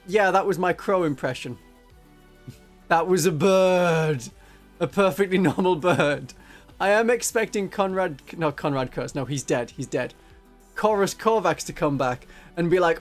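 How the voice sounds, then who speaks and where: A man's voice: fairly high pitch, normal speed, soft background music. A man chatting casually on a livestream, joking and now and then slipping into silly voices. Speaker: streamer.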